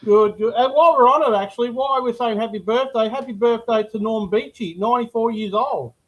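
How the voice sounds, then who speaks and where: High-voiced Australian man on a dull mic. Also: fairly quick. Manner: brief, upbeat interjections. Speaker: co-host. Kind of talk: casual live-stream chat. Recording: dull lo-fi sound.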